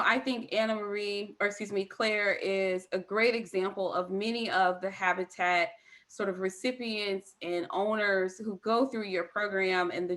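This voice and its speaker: A woman hosting an interview podcast speaks in a relaxed, conversational way, with a middle-pitched voice. She sounds appreciative and asks open, reflective questions. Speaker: podcast host.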